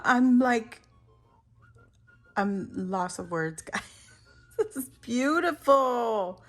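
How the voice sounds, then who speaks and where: A woman showing off handmade crafts she got in the mail, gushing over every piece with lots of gasps and exclamations. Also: high voice. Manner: gushing, exclaims and gasps often, laughs between lines. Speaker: crafting YouTuber. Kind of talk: unboxing a craft haul.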